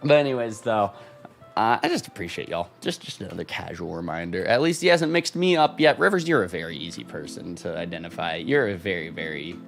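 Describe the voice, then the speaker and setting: A man's voice: deep voice, expressive, brisk, a bit bright, faint music behind. A man chatting casually with his live stream viewers, rambling, reading chat aloud and laughing often.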